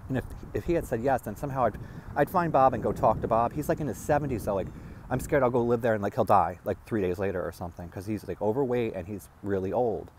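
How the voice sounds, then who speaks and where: A man telling a rambling personal story as a vlogger, halting and restarting as he talks. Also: lowish voice, a little mellow, slight background noise.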